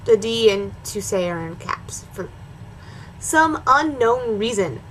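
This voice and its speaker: A woman's voice: mid-range voice, animated, takes it slowly, a little hiss or hum, rough recording. A woman doing a comedic dramatic reading of a bad story, breaking off for sarcastic asides. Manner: sarcastic, mocking, switches between reading and snarky asides. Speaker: reaction video host.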